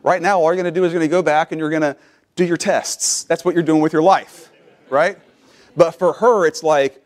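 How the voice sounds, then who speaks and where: Preacher building to a shout. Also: male voice, a little fast. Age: middle-aged. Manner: builds from quiet to loud preaching, rising in pitch as he presses. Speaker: pastor. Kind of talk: sermon. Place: church sanctuary.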